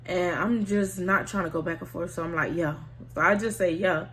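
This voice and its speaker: A storytime vlogger with a lowish, fairly bright voice talks a little fast as she shares a personal story. She's candid and slangy in this casual vlog, often speaking straight to her viewers, with slight background noise.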